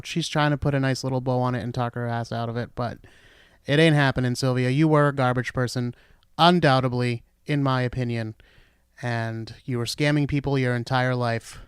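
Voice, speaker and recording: A man's voice: mid-range voice, clear, resonant tone, no room sound, clean studio sound. A man hosting a podcast, giving blunt, sarcastic commentary. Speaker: podcast host.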